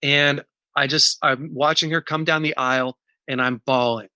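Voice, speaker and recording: A man's voice: mid-range voice, fairly even intonation, moderate pace, bright, forceful tone, smooth, no echo, lo-fi sound. A man speaking as a podcast interview guest, earnest and candid as he explains a process step by step. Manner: earnest, teaching in numbered steps; candid and emotional about personal pain. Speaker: podcast guest, recovery coach.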